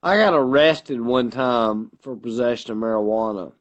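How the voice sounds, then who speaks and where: A man's voice: mid-range voice, normal speed. A drunk man co-hosting a podcast, rambling through a profane story in casual talk. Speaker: podcast co-host. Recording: dull lo-fi recording.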